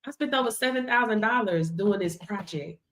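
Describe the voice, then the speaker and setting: A woman hosting a live stream, giving a motivational faith talk from home, animated and preachy, laughing often and calling listeners baby. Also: medium pitch, a little fast, roomy sound. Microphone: device camera.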